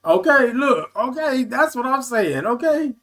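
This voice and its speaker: A man in his fifties hosting a casual livestream talk show, reading viewer comments aloud and answering them in an animated, affectionate way. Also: extremely high pitch, a little slow, gravelly. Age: 50s. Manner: animated, affectionate, calls viewers baby and y'all.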